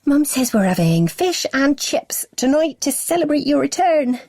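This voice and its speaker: A woman voicing an excitable, clingy little girl who squeals her lines in a shrill, bubbly voice. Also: moderate pace, no echo, studio quality. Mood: excited.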